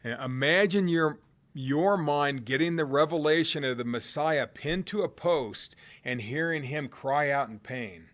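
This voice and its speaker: A man preaching a sermon in a conversational way, swinging from loud cries to hushed low tones. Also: unhurried. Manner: conversational, with fillers and restarts.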